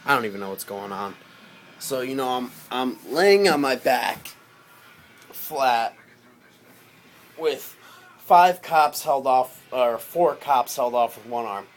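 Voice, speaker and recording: A man's voice: medium pitch, animated, slow pace, pauses often. Rambling man telling a wild story. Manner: rambling, swearing, rising loud when quoting himself. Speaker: storyteller recounting a personal experience. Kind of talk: casual spoken storytelling.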